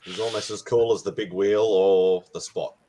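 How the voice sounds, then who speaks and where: A man with a very deep voice, easygoing and teasing in a casual video-call hangout. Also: steady tone, moderate pace, mellow, a little hiss or hum. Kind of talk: casual online group chat.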